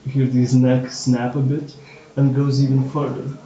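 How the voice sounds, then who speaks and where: A man narrating grim scenes slowly as game master of a tabletop game. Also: medium pitch, monotone, warm tone, roomy sound, poor audio.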